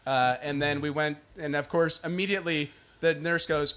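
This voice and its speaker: A man's voice: a little high, fairly even intonation, moderate pace, few pauses, fairly bright tone, clear, resonant tone. A man co-hosting a podcast, telling a long story in casual chat and acting out the people in it, laughing often. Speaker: podcast co-host.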